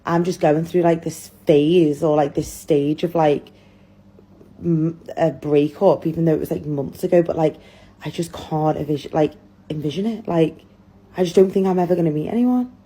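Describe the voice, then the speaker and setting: A woman speaks in a casual confessional vlog, hesitant and full of fillers. Her voice is husky and mellow and sits a little low. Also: fairly even intonation, normal speed.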